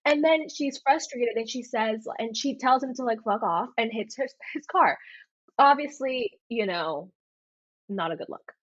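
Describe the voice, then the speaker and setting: A young woman talks through a story in a casual podcast chat, scattering "like" through every sentence. Her voice sits a bit high and sounds husky, and the recording is dull and dry. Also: unhurried, no room sound. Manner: animated storytelling with many "like" fillers. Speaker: podcast co-host.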